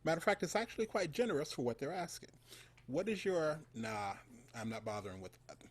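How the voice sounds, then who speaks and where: A man's voice: a little high, sing-song, fairly quick, slightly rough. A man interviewing a guest, an enthusiastic fan who chuckles often. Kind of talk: online interview.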